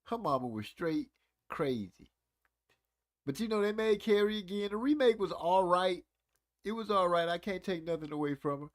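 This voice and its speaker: A man, chatting casually on a live stream. His voice sits high and swings widely in pitch. He teases his viewers in a playful way and reads their comments aloud. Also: animated, normal speed. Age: 40s.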